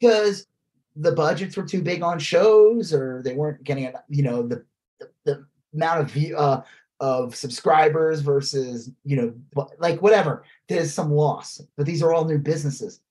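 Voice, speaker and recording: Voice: mid-range voice, moderate pace, darkish tone. A podcast co-host in a casual political chat, ranting animatedly with lots of swearing and filler words.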